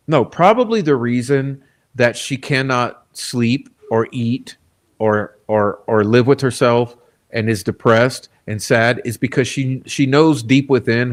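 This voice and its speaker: A man hosting a true crime live stream, talking bluntly and emphatically, often checking in with "okay?" and swearing casually. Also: mid-range voice. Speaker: true crime channel host. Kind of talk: live-stream commentary reading and reacting to quotes.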